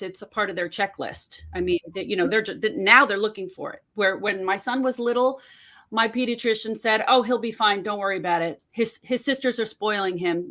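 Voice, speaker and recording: A woman's voice: on the high side, a bit bright. A middle-aged woman, telling a personal story in an interview and often restarting her sentences with fillers. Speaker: guest, autism parent and podcaster. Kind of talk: conversational interview.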